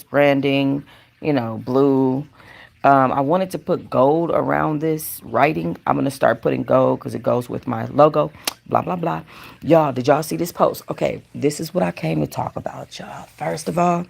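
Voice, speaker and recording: Very gravelly chatty livestream host. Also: medium pitch. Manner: chatty, talks straight to viewers. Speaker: gossip channel host. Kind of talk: casual livestream commentary.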